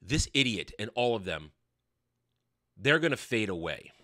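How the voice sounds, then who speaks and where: A man's voice: on the low side, very animated, unhurried, bright, forceful tone. A man hosting a commentary channel, delivering a heated, scornful opinion rant and hammering phrases through repetition. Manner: combative, scornful, repeating phrases for emphasis.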